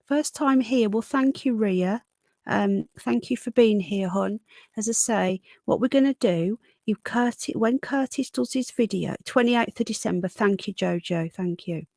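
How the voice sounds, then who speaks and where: Brummie woman with a bit of yorkshire twang, gravelly voice, chatting on a live stream, dry close mic. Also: mid-range voice, measured pace, a little mellow, no room sound. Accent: Birmingham, with a Yorkshire twang. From Sutton Coldfield, Birmingham, England. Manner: chatty, calls viewers darling and hon, frequent restarts. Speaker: livestream host. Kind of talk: casual live-stream chat reading out comments. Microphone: desk microphone with gain turned up.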